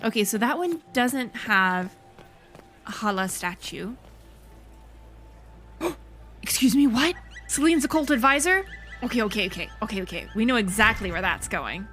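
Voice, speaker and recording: A woman hosting a gaming video, giving casual let's play commentary with quick, excitable exclamations. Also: on the high side, faint music behind.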